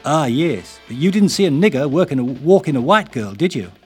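A man's voice: on the high side, sing-song, brisk, breathy edge, soft background music, voice pushed up, exaggerated voice. An Englishman putting on a Southern US airman. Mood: blunt. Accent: put-on American Southern, English-tinged. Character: young male US airman, bigoted southerner.

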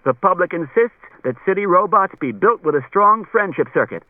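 A man's voice: high-pitched, animated, moderate pace, dry recording, voice pushed up. Man doing a weary police commissioner. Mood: resigned. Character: weary middle-aged male police commissioner. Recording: tinny lo-fi cassette tape with faint music.

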